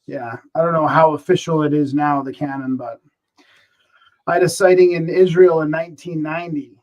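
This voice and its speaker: A man's voice: fairly high pitch, normal speed, rough recording. Rambling man telling a story. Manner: rambling, animated storytelling with many restarts. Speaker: podcast co-host. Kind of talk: casual podcast chat.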